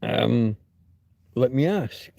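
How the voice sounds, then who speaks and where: A man's voice: mid-range voice, lively intonation, drawn-out words, vocal fry, warm tone, dry recording. A man hosting a rambling, casual livestream, musing aloud and swearing now and then. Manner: chatty, swears, muses aloud while reading. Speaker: livestream host. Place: home, Torrevieja.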